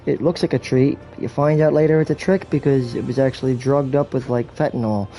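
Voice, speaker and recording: A man's voice: medium pitch, fairly even intonation, brisk, mellow, faint music behind. A man giving a joking, rambling walkthrough commentary on a video game, full of crude jokes and swearing.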